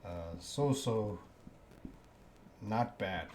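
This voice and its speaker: A man's voice: lowish voice, extremely slow, a little mellow, a little hiss or hum. A Canadian man teaching English in a live online lesson, answering viewers' questions and repeating key words for learners. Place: living in Korea.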